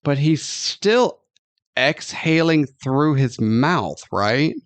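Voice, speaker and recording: High-voiced male co-host, incredulous and profane, dry close mic. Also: animated, extremely slow, no room sound. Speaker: podcast co-host, film reviewer. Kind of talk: casual comedic chat.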